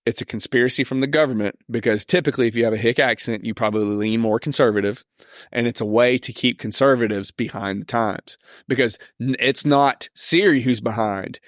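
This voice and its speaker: A man's voice: medium pitch, brisk, no echo, clean studio sound. A man with an Oklahoma accent, co-hosting a casual podcast chat in an easygoing way, laying out ideas and agreeing often. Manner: easygoing, frequent short agreements, laughs along. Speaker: podcast co-host.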